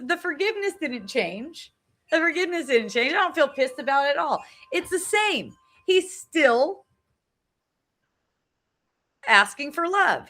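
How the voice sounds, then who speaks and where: An earnest middle-aged woman talks casually on a live phone video, circling back over her own phrases and checking in with "right?" Her voice sits a little high and rings bright and forceful. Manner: earnest, repeats phrases, frequent tag "right?". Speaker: spiritual talk host. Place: outdoors at a beach.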